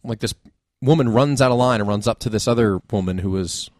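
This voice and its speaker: A man co-hosting a podcast, telling stories in a relaxed, animated way with frequent laughs. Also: fairly low pitch, a little fast, no echo, clean studio sound. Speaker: podcast co-host. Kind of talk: casual chat.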